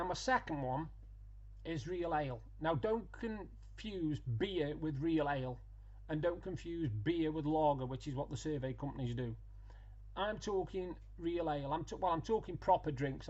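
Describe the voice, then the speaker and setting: A man's voice: fairly high pitch, a little mellow. Chatty man, muffled home vlog. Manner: chatty, storytelling, lots of ums and asides. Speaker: vlogger. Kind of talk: casual daily vlog chat.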